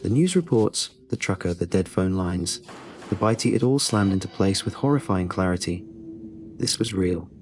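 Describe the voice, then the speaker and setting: A man's voice: sits low, lively intonation, normal speed, a little mellow, slight background noise. A man narrating a scripted first-person horror story in a tense, suspenseful way.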